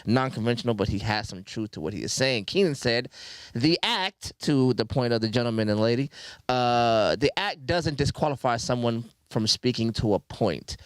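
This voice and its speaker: A man's voice: medium pitch, lively intonation, normal speed, no echo. A man hosting a casual group podcast, reading comments from the chat, with frequent stammered restarts. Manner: stammering restarts, laughs easily. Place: podcast studio.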